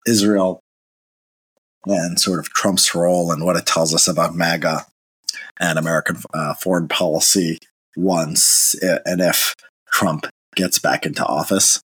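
A man's voice: low voice, fairly bright tone, slightly rough, no room sound. A man with a sick-sounding voice, talking in a casual, hesitant monologue as a commentator, with many restarts and fillers. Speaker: political commentator.

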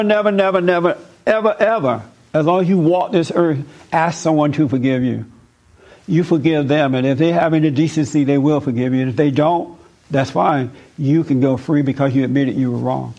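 A man's voice: on the high side, mellow, muffled recording. A man giving spiritual counseling in an emphatic, preachy way, repeating words for stress.

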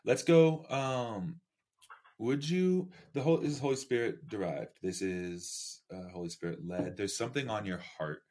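A man hosting a faith podcast, gently prompting his guest to share. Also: lowish voice, normal speed. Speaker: podcast host. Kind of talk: interview.

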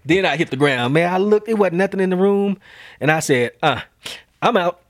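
A man hosting a podcast, telling a story in a lively, slang-heavy way and acting out the quotes. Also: sits high, fairly quick, no echo, studio quality. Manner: animated, slangy storyteller who acts out quotes. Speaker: podcast host. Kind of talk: casual storytelling chat.

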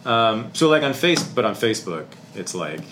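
A middle-aged man, a historian, telling his life story in a casual interview, candid and animated, swearing casually. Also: fairly low pitch, normal speed, slight background noise.

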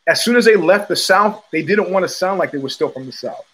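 A man hosts his own show and talks alone in a loose, animated monologue. His voice sits a little high for a man. He pushes hard on his points and keeps breaking off to restart his sentences. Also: brisk, low-quality recording. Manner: animated, emphatic, with frequent restarts and fillers. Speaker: host. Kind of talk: casual monologue.

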